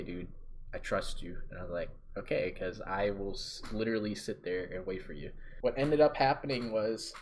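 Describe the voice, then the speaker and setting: A young man casually telling a story to camera, talking in slang and getting louder and more animated at the exciting parts. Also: lowish voice, slight background noise. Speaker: storyteller vlogger.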